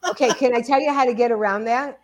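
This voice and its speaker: A woman in her sixties co-hosting a podcast, telling stories in a casual, animated way. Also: on the high side, fast. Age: 60s. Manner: animated storytelling, acts out quoted dialogue. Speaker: podcast co-host. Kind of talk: casual conversation.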